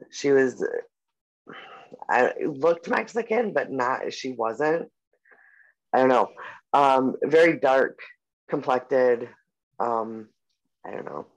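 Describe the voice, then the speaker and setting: Speaking slowly with long pauses, a podcast co-host in their forties uses an expressive mid-range voice. The casual chat wanders, full of "like," "um," and offhand swearing, and the sound is muffled and lo-fi.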